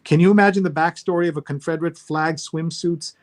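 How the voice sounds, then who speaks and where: A man's voice: fairly high pitch, fairly even intonation, quick pace. A man hosting a live online readalong, chatting casually and skimming headlines aloud over a video call. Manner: conversational, skims headlines aloud with fillers. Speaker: host.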